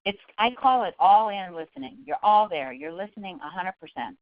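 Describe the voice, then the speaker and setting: Brief: woman trainer, webinar talk, animated pitch, dry slightly dull audio. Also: a little fast, no echo. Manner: lively, folksy, with acted quotes. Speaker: fundraising trainer. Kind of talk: webinar presentation.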